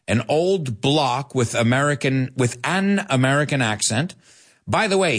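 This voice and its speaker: A man teaching English in a live lesson, reading out viewer comments and correcting them with a laugh. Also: medium pitch. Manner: animated, laughing, switching between English and Spanish to explain.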